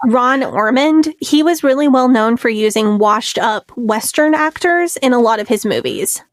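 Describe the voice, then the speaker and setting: A woman with a slightly high voice co-hosts a podcast in loose, chatty conversation. She laughs easily and acts out quoted lines as she retells scenes. The recording is dry and close to the mic. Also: animated, moderate pace, no room sound. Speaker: podcast co-host. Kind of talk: casual podcast chat.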